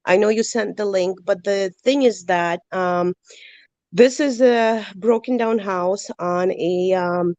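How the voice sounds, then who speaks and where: A nervous woman calls in to ask a coach about her first deal. She hesitates a lot, with many ums and small laughs between her thoughts. Her voice sits at a middle pitch and sounds dry and close. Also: slow, darkish tone, no room sound, highs cut off. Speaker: caller, new wholesaler. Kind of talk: call-in question to a coach.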